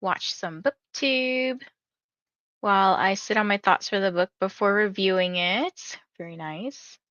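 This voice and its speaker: A woman's voice: medium pitch, fairly even intonation, unhurried, a bit bright, dry recording, lo-fi sound. A young woman hosting a reading livestream, chatting casually with viewers and reading out their comments, with lots of fillers. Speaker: livestream host reading books.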